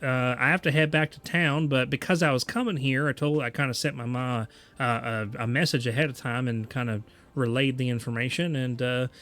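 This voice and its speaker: A man's voice: mid-range voice, fairly even intonation, fairly quick, few pauses, fairly bright tone, close to an everyday voice. A man voicing a chatty young woman courier with an attempted Southern accent, rambling and correcting herself. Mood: polite. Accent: attempted American Southern.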